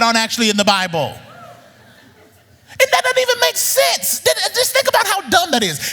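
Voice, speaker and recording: A male preacher delivering a blunt, teasing sermon that swings from low muttering to high outbursts. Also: wildly swooping pitch, normal speed, long pauses, sharp tone, long reverb tail, faint music behind.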